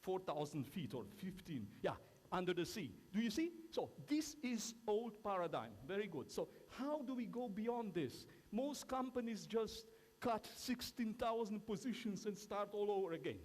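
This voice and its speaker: A man giving a lively conference talk in broken English, emphatic and playful, acting out little asides between violin demonstrations. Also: high-pitched, normal speed. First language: Slovenian. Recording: echoey hall, violin music between phrases.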